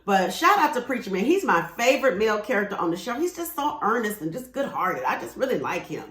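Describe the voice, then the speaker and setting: A woman's voice: mid-range voice, sing-song, quick pace, a bit bright, roomy sound. A woman giving a chatty, casual recap of a TV episode, with sassy asides to her viewers. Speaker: TV show reviewer.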